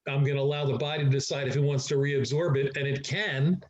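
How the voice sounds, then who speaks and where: A man's voice: mid-range voice, steady tone, fast, darkish tone. Reflective chiropractor man, lo-fi call. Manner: reflective, rambling with restarts. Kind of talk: casual group discussion.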